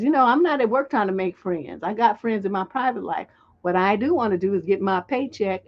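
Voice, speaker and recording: A woman's voice: medium pitch, darkish tone, highs cut off. A woman relationship coach, talking bluntly and with profanity on a livestream. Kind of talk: livestream advice talk.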